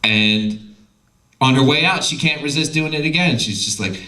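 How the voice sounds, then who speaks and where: A young male stand-up comedian telling profane, animated stories on a comedy club stage into a handheld mic. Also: fairly high pitch, moderate pace. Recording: loud noisy live club recording.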